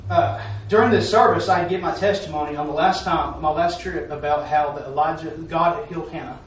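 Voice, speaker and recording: Folksy preacher in an echoey room. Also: male voice, on the high side, a little fast. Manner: folksy, repetitive, with "I'm telling you". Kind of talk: testimony during a church talk. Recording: echoey room, mic far off, faint noise.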